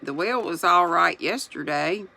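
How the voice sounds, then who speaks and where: A reader voicing a brash, impatient pioneer neighbor man with a dismissive, hearty manner and a gravelly voice. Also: mid-range voice, expressive, a little slow, sharp tone, full character voice.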